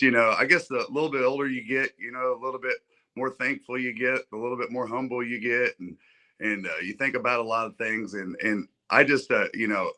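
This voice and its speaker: A man's voice: medium pitch, pushed and bright. A man in his forties, a podcast guest, talking earnestly and humbly in a rambling way. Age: 40s. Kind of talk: casual chat.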